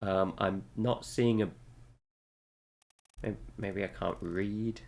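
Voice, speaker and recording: A man's voice: lowish voice, steady tone, slow, creaky, a little mellow. A young man streaming a game, thinking aloud and muttering, with frequent swearing as he puzzles out clues. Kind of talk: thinking aloud while playing.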